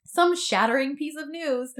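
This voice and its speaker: A woman's voice: high voice, unhurried, pitched above the performer's own voice. A woman quoting a confident male lead from a drama, teasing and needling.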